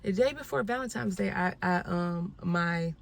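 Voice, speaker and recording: A woman's voice: lowish voice, moderate pace, creaky. A young woman telling a personal story to her viewers in a candid, conversational way, often speaking to them directly as y'all. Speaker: vlogger.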